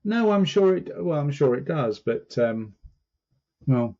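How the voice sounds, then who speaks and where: A man's voice: fairly high pitch, very animated, measured pace, mellow, highs cut off. A man co-hosting a podcast, chatty and teasing, often hesitating with questions. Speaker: podcast co-host. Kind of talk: casual chat.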